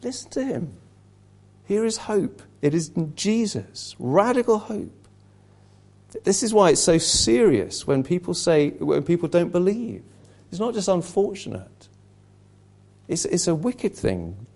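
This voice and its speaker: A male preacher delivers an earnest sermon, with his pitch rising and falling in lively swings. His voice sits a little high for a man but has a warm, mellow tone. He presses each point home with emphasis. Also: a little slow, gravelly. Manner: earnest, emphatic, reads questions aloud to the congregation.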